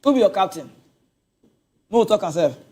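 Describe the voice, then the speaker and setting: A man with a Nigerian Pidgin accent giving a casual, animated football rant, laughing and talking straight to his viewers. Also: high voice, moderate pace, husky. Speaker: football commentator.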